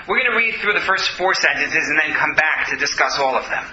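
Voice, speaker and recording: A teacher leads a text study session with questions, reading Hebrew verses, translating them and explaining before taking students' questions. He talks briskly with hardly any pauses, in a fairly high, bright, forceful voice with lively intonation. The recording is dull and roomy, like a classroom.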